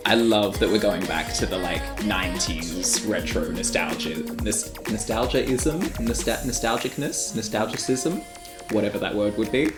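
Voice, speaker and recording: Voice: medium pitch, moderate pace. An Australian music video reactor giving casual, rambling commentary full of filler words. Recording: roomy room with faint music.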